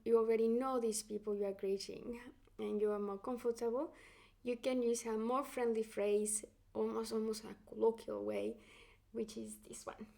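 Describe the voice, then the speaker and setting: A woman's voice: on the high side, gravelly, darkish tone. A woman with a Latin American Spanish accent, a native Spanish speaker, teaching an online Spanish lesson patiently, with many fillers and restarts.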